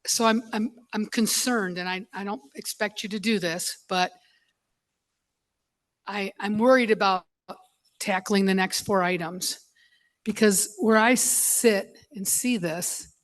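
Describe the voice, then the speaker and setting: Emotional, halting woman at a meeting. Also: mid-range voice, steady tone. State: choked up. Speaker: school board member. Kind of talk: public meeting remarks. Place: board meeting room.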